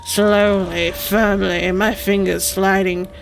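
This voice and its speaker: A woman reading a sinister surgeon villain's monologue from a game, in a hushed, drawn-out, relishing voice. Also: mid-range voice, level tone, vocal fry, a little hiss or hum. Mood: gloating menace. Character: sinister surgeon villain savoring a planned lobotomy.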